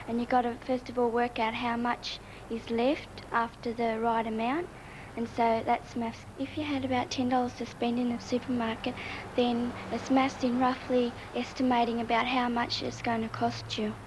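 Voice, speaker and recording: A woman's voice: on the high side, little pitch movement, moderate pace. A woman giving a plain, matter-of-fact explanation. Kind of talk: casual explanation. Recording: noticeable background hiss.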